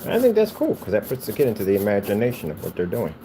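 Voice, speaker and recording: Brief: a playful, rambling man with a lowish voice, chatting as he works. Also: huge pitch swings, racing, mellow, a little hiss or hum. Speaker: cardboard PC case builder. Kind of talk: casual chat while crafting.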